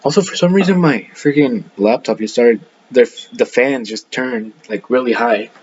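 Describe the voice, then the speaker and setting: A man's voice: mid-range voice, moderate pace, darkish tone, slightly rough, muffled recording. A young man rambling through casual stories, full of fillers and self-corrections, laughing at himself. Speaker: podcast storyteller.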